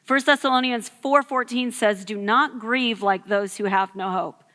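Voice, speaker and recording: A woman in her thirties preaches to a youth gathering, telling a personal story in an easy, conversational way full of "like" and "um." Her voice sits high and sounds bright and forward. It carries a long echo from the hall she speaks in. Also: measured pace. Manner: storytelling, conversational with many fillers. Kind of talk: sermon. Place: church hall. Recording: echoey hall.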